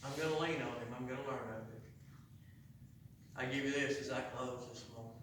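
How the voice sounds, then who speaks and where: A man preaching an impassioned sermon in a church, swelling loud and dropping quiet. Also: mid-range voice, fairly even intonation, fairly quick, background noise. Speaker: pastor. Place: church sanctuary. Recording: echoey church heard from a distance.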